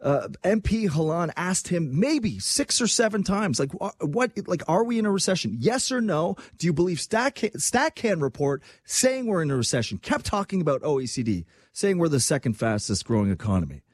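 Guy from quebec ranting about politics, lively pitch, bit raspy, sarcastic. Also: no echo. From Quebec, Canada. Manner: animated, sarcastic, quick asides. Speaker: commentator with his own program. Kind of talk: casual political commentary.

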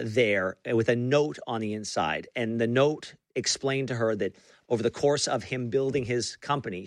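A man's voice: medium pitch, pushed and bright, no room sound, studio quality. A man hosting a conversational interview, telling a story with frequent restarts and fillers. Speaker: interview host.

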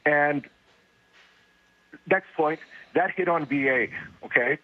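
A hoarse man calling in to a sports radio show, angrily venting about his team and the league. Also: fairly high pitch, no room sound. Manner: furious, venting, rapid repetitive complaints. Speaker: caller. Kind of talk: angry fan rant on call-in radio. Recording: muffled phone line with faint noise.

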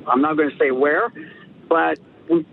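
A man calling in to a radio show by phone, a bylaw officer who talks in a halting, hesitant way. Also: fairly even intonation, vocal fry, slightly rough. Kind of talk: phone-in call. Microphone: phone line. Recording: tinny phone line with a faint rumble.

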